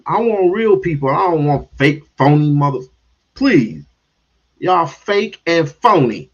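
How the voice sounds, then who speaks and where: Slow, blunt man on a lo-fi stream. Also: fairly high pitch, lively intonation. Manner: blunt, drawling, speaks to the chat. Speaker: livestream host. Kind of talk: livestream commentary.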